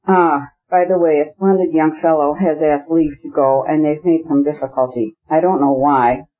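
A man's voice: on the high side, fairly even intonation, moderate pace, narrow, tinny audio, lightly acted. A male narrator voicing an eager, chatty society princess in an audiobook. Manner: chatty, gushing.

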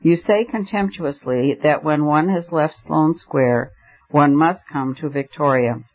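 Brief: fervent, argumentative young poet, read by a man, slightly raised voice, dull lo-fi sound. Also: on the high side. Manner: fervent and declamatory. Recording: dull lo-fi recording.

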